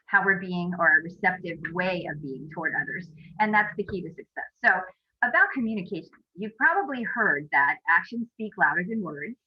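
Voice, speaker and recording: Woman coaching over a video call, earnest, lots of ums and questions to the audience, slightly muffled audio. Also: mid-range voice. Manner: earnest and explanatory, with frequent um fillers and rhetorical questions. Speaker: leadership coach giving a webinar talk. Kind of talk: interactive webinar presentation.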